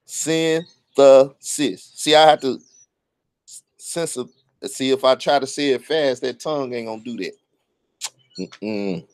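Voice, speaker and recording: A man's voice: mid-range voice, measured pace, pauses often, no room sound. A man, talking bluntly and profanely in a casual monologue, often stumbling over his words. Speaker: online commentator.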